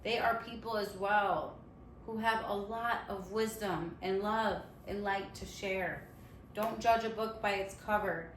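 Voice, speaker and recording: A woman's voice: mid-range voice, steady tone, measured pace, reverberant, a little hiss or hum, poor audio. A woman hosting a podcast from her apartment, talking in a heartfelt, earnest way and offering faith-filled encouragement. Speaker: podcast host. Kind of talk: casual inspirational talk. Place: apartment room at home.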